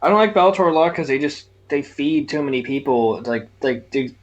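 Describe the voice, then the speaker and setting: A man co-hosting a casual fight-sports podcast, excitable and jokey with lots of swearing. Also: on the high side, a little fast, muffled recording, a loud crowd. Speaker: podcast co-host.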